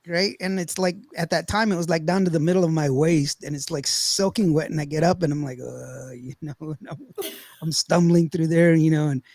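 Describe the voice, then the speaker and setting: Speaking a little fast, this drawling man hosts a casual storytelling podcast, wandering through a long tale with plenty of laughter and acted-out quotes. For a man, his pitch runs slightly high, captured in a close, dry recording without room sound.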